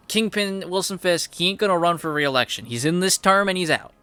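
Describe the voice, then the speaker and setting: A man's voice: high voice, animated, brisk, pushed and bright, smooth, no echo. A young man recapping a TV episode in a casual, rambling monologue, blunt and full of swearing. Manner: profane, blunt, rambling with fillers. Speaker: TV episode reviewer.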